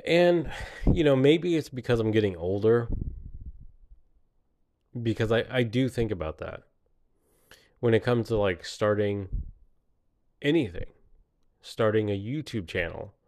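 A man's voice: fairly low pitch, animated, unhurried, long pauses, a little mellow. A man in his late thirties in a rambling, reflective solo monologue, often laughing at himself. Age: 30s. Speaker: podcaster.

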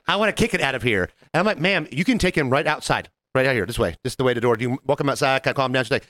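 Fast, lively man telling a story. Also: medium pitch, no room sound, studio quality. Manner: animated, jumps into mimicked voices of customers. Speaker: podcast co-host. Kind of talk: casual storytelling.

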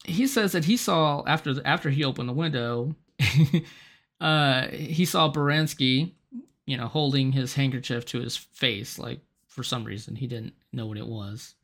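A podcast co-host recaps a TV episode in loose, chatty conversation, laughing often and swearing casually. The voice is gravelly with vocal fry, at an ordinary mid pitch, fairly bright in tone and at normal speed.

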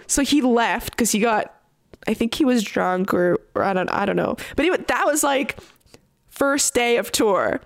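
A woman's voice: fairly high pitch, moderate pace, no echo, studio quality. A young woman from Canada, a touring musician, telling stories in a casual interview with lots of fillers. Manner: chatty, animated storyteller with many fillers.

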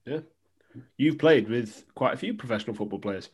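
A man with a mid-pitched voice hosts a podcast. He chats in a relaxed, easygoing way, dropping in short comments and links between segments. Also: normal speed, husky. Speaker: podcast host. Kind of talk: casual chat.

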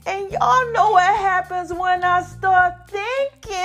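A woman hosting a casual podcast, animated and drawn out, calling listeners baby and y'all, her voice a bit hoarse from allergies. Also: very high-pitched, slow pace, soft background music. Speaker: podcast host.

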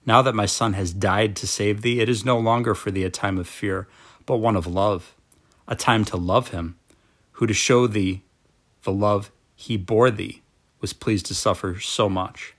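A man with a fairly low voice reads a devotional text aloud. His delivery is slow and measured, with a solemn tone throughout. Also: steady tone, a bit bright. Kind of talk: reading a devotional book aloud.

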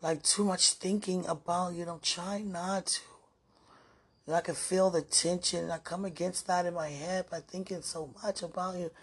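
A woman recording an emotional spoken message to a loved one, halting and sighing, dropping to breathy whispers at times. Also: fairly low pitch, fairly even intonation. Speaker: podcaster.

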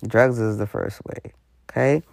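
A woman's voice: rumbling low, a little slow, gravelly, noisy background. A woman host giving a frank, conversational commentary monologue, full of asides and acted-out voices. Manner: animated, conversational, frank, breaks into laughs and voices.

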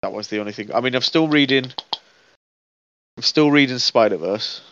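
A man's voice: medium pitch, moderate pace, a bit bright, muffled recording, slight background noise. A man in casual podcast chat, sweary and rambling, laughing often. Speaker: podcast co-host.

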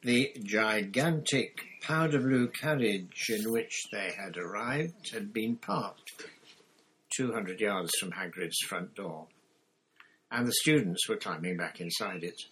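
A man reading a novel aloud in steady, measured scripted narration. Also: on the low side, slight background noise, low-quality recording. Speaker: audiobook reader.

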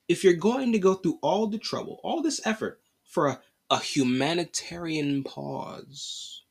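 A young man delivers solo podcast commentary in an exasperated, slangy, casual way, repeating lines for emphasis. His voice sits a little high. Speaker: podcast host.

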